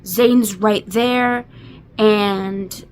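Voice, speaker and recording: Slow-talking young woman gushing over a book. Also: medium pitch, fairly even intonation, a little hiss or hum. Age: 20s. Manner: gushing and emotional, many fillers. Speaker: book reviewer. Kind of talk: casual book recap.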